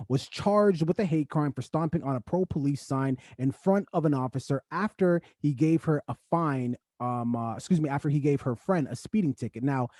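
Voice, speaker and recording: A man co-hosting a casual podcast, talking in an animated way and rising into excited outbursts. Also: a little high, moderate pace, few pauses, no room sound, clean studio sound. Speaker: podcast co-host.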